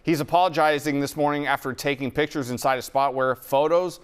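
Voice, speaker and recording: Male co-host, lively and emphatic, a touch higher than usual, casual entertainment banter. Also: fairly quick, smooth. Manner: animated, emphatic, jokey. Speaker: talk show co-host.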